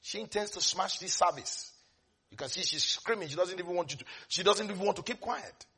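A preacher doing a fussy polite disciple. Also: male voice, high voice, fairly quick, pushed and bright, husky, exaggerated voice. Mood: fussing. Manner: overly polite, fussing. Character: polite anxious male disciple.

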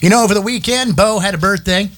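A man's voice: high-pitched, quick pace, over music. A man hosting a radio show, chatting casually and joking with many filler words. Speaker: radio host. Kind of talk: casual on-air chat. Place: radio studio.

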